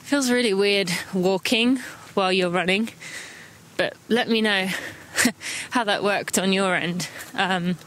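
A woman's voice: medium pitch, slow, fairly bright tone, poor audio. Chatty English woman guiding a run. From England. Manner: chatty and encouraging, gives stride countdowns. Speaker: running podcast host. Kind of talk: casual audio running guide. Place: walking outdoors.

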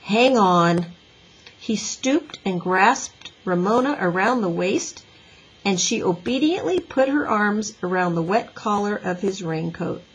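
Lively husky woman reading a storybook. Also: medium pitch, measured pace, low-quality recording. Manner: expressive, lively. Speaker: teacher reading aloud. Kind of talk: storybook read-aloud.

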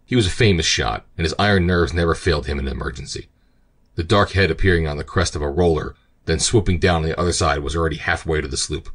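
Male audiobook narrator, scripted narration, measured pacing, very deep voice. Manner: steady, measured storytelling.

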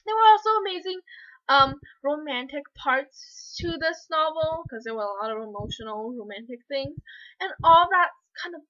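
A young woman reviewing a book in a casual vlog, gushing and rambling with excitement. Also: high-pitched, moderate pace, highs cut off.

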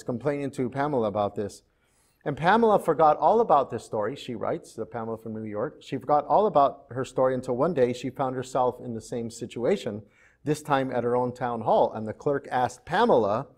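A man pastor delivering a sermon in a church, in an unhurried storytelling manner. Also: medium pitch, lively intonation, a little mellow.

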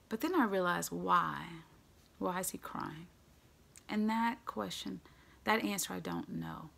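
A woman preaching, telling the story in an animated, conversational way. Her voice is bright and forceful, and she slips into the characters' lines as she goes. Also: medium pitch, unhurried, vocal fry. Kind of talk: sermon storytelling.

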